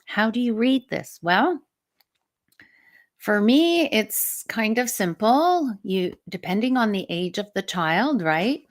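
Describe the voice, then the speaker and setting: A woman's voice: mid-range voice, big pitch swings, slow. A middle-aged woman, a stress management coach and teacher, talking through a live show in a reflective way and often asking the listener questions.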